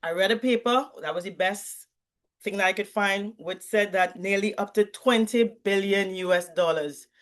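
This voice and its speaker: Woman, academic presenter, clear explanatory delivery, video call audio. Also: mid-range voice, moderate pace, fairly bright tone. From Trinidad and Tobago. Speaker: university lecturer presenting research.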